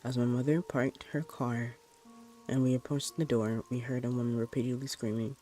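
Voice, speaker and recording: Mellow-voiced man reading a horror story. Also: mid-range voice, fairly even intonation, faint music behind. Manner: plain, unhurried first-person narration.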